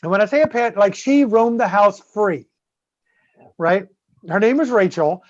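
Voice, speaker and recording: A man with a Southern US accent, swearing freely as he tells an animated story in casual podcast chat. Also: high voice, unhurried, no echo. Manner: profane, animated storyteller with many "right?" tags. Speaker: guest co-host. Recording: slightly dull lo-fi dry sound.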